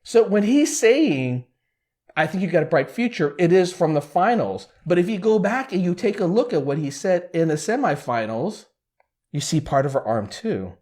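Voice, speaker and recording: A man's voice: high-pitched, big pitch swings, moderate pace, a little mellow. A man hosting a casual commentary, talking animatedly and asking many rhetorical questions. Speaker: YouTube commentator.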